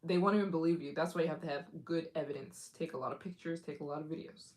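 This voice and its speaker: A travel vlogger on a casual live stream has a low, slightly mellow voice and talks fast. Chatty and direct with her viewers, she giggles often and puts on voices to act out what others said.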